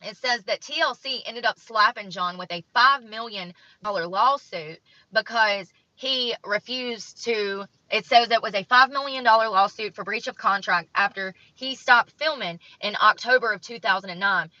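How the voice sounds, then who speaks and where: A young woman vlogger with a medium-pitched, sharp-toned voice reads from an article at a normal speed, then adds blunt, judgmental commentary. The recording is dry and dull, with a lo-fi sound from a dead room.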